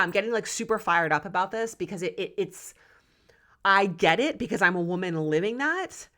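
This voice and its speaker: A woman's voice: medium pitch, lively intonation, moderate pace, pushed and bright. A woman in her forties hosting a solo podcast, talking candidly and passionately and swearing freely. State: close to tears. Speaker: podcast host.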